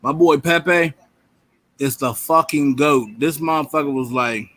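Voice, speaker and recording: A man chatting as a podcast guest, telling animated, profane stories with lots of banter. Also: fairly high pitch, unhurried. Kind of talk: casual chat.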